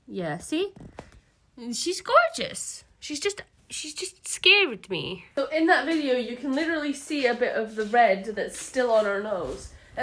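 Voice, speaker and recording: Young woman rambling through a story on her vlog, kinda high voice, echoey bedroom. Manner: chatty, animated, frequent "right?" and "like". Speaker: vlogger. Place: room at home. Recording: echoey room, a bit far from the mic.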